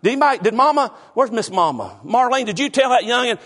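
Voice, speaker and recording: A man's voice: extremely high pitch, animated, fast talker, hardly any pauses, a bit bright. A man preaching a sermon, fervent and calling out members of the congregation by name. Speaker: pastor.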